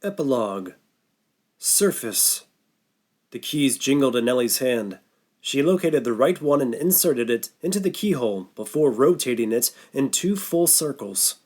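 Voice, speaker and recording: A man narrating a horror novel audiobook in a steady, measured voice. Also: medium pitch. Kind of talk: scripted narration.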